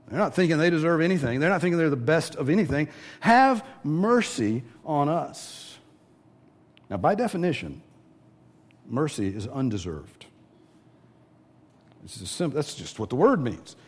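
Lively preaching man. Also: a little high, slightly rough. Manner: lively preaching, acting out quoted voices. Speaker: pastor. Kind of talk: sermon.

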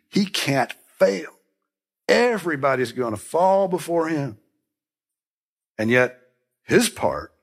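A man's voice: mid-range voice, husky. A man preaching a sermon, earnest and emphatic, repeating key phrases and dropping into conversational asides. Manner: conversational asides and self-corrections. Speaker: pastor.

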